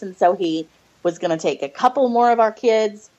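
A middle-aged woman, an adoptive mother appearing as a podcast guest, shares a heartfelt personal faith testimony in a medium-pitched, darkish voice at a fairly quick pace. She speaks earnestly but hesitantly, with lots of fillers, and sounds close to tears. The audio is dull and lo-fi.

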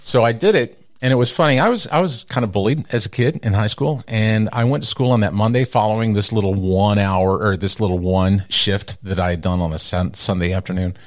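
A man's voice: a little fast, hardly any pauses. A middle-aged man from Texas, telling stories as an interview guest and acting out the people he quotes. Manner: animated storyteller who acts out quoted people with big pitch jumps. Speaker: radio personality, interview guest. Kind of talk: storytelling in an interview.

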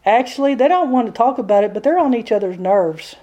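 Earnest woman preaching, mellow voice. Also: a little high, animated, fairly quick, highs cut off. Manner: earnest, dramatic storytelling. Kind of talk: sermon.

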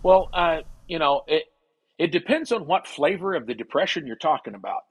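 Husky man telling stories. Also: fairly high pitch, a little fast, rough recording. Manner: animated storyteller, acts out quotes. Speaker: actor and guest. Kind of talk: storytelling in conversation.

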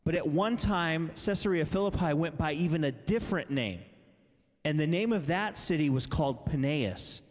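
Chatty, self-deprecating male preacher, fairly high voice, long hall reverb. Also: animated, normal speed. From Massachusetts, raised in Indianapolis. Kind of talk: conference sermon with storytelling.

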